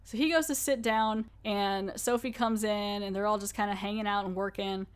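A woman's voice: medium pitch, steady tone, normal speed, smooth. Chatty woman recapping a TV episode. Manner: chatty, filler-heavy, acts out quotes. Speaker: podcast host reviewing a TV episode. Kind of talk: casual recap and review.

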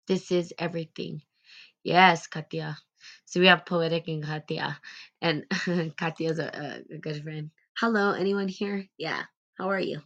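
Low-voiced woman giving gentle self-help talk. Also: creaky, highs cut off. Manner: rambling, gentle, many "like" fillers. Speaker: live stream host.

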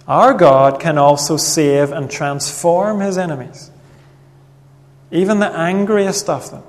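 A man preaching a sermon in an earnest, measured way, reading Bible passages aloud. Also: on the high side. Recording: long reverb of a hall.

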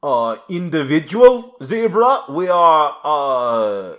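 A man's voice: fairly high pitch, very animated, takes it slowly, fairly bright tone, exaggerated voice. A man putting on the voice of a pompous, posh conservative bigot who speaks haughtily in a falsely reasonable tone. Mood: mock-polite.

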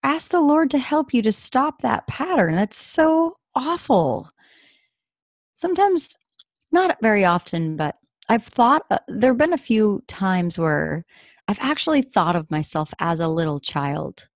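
A woman co-hosting a podcast in a casual faith talk, speaking in a gentle, encouraging and chatty way. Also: mid-range voice, sing-song, measured pace, no room sound, studio quality. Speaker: podcast co-host.

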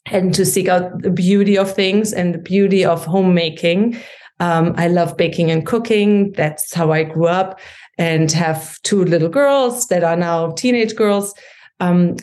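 A woman's voice: fairly low pitch, darkish tone. A woman in her forties from Germany with a German accent, chatting as a podcast guest, with frequent ums and easy laughter. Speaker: guest, kitchen organizing business founder. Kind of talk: casual interview chat.

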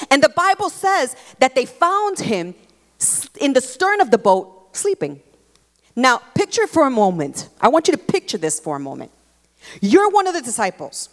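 A woman preaching a sermon, expressive and emphatic, leaning into repeated phrases. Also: high-pitched. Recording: long hall reverb.

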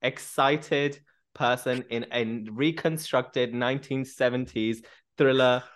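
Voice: medium pitch, fairly even intonation, slow. A podcast host running a quiz game, upbeat and encouraging. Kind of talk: game-style quiz presenting.

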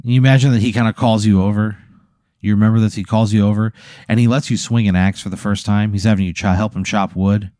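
Relaxed host improvising a tale; low, mellow voice, dry sound. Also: male voice, fast talker, no room sound. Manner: laid-back, rambling, many fillers. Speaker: podcast host. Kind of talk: improvised storytelling.

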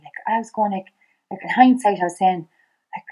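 A middle-aged Irish woman, a podcast guest, retelling events in conversation. She talks in a fast, halting way, acting out past dialogue with many restarts. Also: medium pitch, dark tone, low-quality recording. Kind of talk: personal storytelling in conversation.

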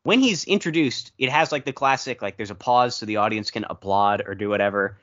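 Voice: mid-range voice, a little fast, fairly bright tone, highs cut off. A podcast co-host chatting casually about movies, telling long rambling stories with playful quoted asides.

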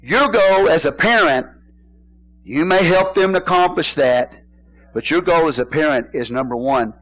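Pastor, middle-aged man, slightly high voice; folksy sermon with call-and-response and shouted emphasis. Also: lively intonation, a little slow, poor audio. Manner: preaches with call-and-response questions to the congregation; casual folksy phrasing, bursts into shouted emphasis.

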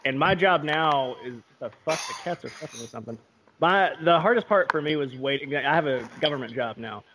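A man's voice: a little high, lively intonation, fairly quick. A man in a laid-back podcast chat, telling his stories easily and swearing now and then. A faint background noise sits under his voice. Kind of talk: casual chat.

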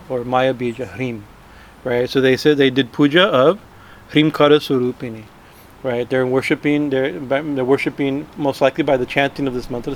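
A man's voice: mid-range voice, gravelly, a little hiss or hum, rough recording. A man teaching a spiritual class, talking loosely with many restarts and tag questions. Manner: rambling, frequent "right?" tags and restarts. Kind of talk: scripture class talk.

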